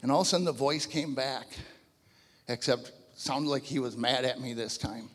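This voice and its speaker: A man in his fifties giving a personal testimony to a church audience, telling his story in an animated, conversational way. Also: mid-range voice, moderate pace, slightly rough, big-room sound. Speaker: guest speaker giving a testimony. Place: large church hall before a live audience.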